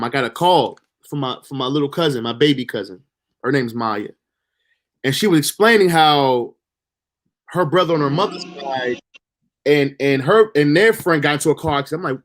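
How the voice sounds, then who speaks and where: A man telling a personal story, emotional and halting, with pauses and restarts. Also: fairly high pitch, animated. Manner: halting, full of fillers and restarts. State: emotional, near tears.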